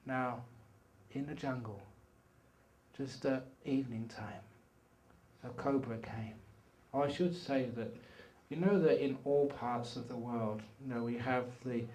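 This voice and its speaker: A middle-aged man giving a dharma talk at a meditation retreat, telling animated and humorous stories. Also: mid-range voice. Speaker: meditation teacher. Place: retreat hall. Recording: echoey hall, from far off.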